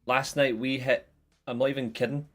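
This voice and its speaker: A man hosts a casual wrestling review stream. He talks to his viewers in a loose, joking way and greets people by name. His voice sits at a middle pitch, and faint music plays underneath. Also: level tone, moderate pace, fairly bright tone. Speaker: host of a wrestling review livestream. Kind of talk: casual live chat to viewers.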